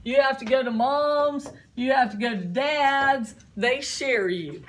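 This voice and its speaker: Middle-aged woman, high voice, chatty teacher who tells stories and quizzes the class. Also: takes it slowly, fairly bright tone. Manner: chatty, storytelling, asks the class questions.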